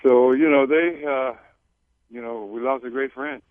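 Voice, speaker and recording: A man, a former teammate, speaking as a guest on a phone-in radio interview in a halting, reflective way that repeats words. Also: medium pitch, fairly even intonation, dry recording. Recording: tinny phone line.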